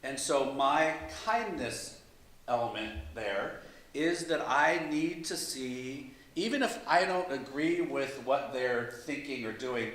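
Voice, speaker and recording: A pastor appearing as a guest speaker tells a funny story at a church meeting in a large hall, poking fun at himself and chuckling through his asides. His medium-pitched voice is expressive, slow-paced, and fairly bright, and the hall is very echoey.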